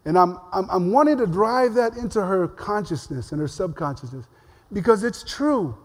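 A man's voice: high-pitched, expressive, normal speed. An older man, a pastor, giving a sermon in a casual, humorous storytelling way. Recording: long reverb of a large hall.

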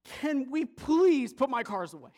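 A man's voice: big pitch swings, takes it slowly, heavily acted. A man voicing a fussy young boy who pleads anxiously to protect his toy cars. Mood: pleading. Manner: high, loud, anxious pleading.

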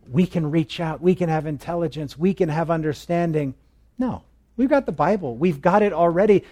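A man's voice: on the high side, a little mellow. A man teaching through a Bible passage in a conversational way, asking his listeners questions and telling jokes along the way. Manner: chatty, asks the listeners questions, tells jokes.

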